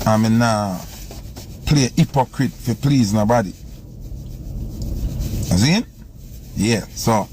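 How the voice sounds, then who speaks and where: A man's voice: mid-range voice, a little mellow, slight background noise. Jamaican man chatting on a live stream. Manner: rambling, repeats phrases while scrolling comments. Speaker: selector going live. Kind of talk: casual live-stream chat.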